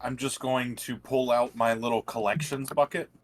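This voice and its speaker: A man's voice: mid-range voice, steady tone, normal speed. A man playing a tabletop role-playing game, easygoing and a little hesitant. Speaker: player. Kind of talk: casual tabletop play.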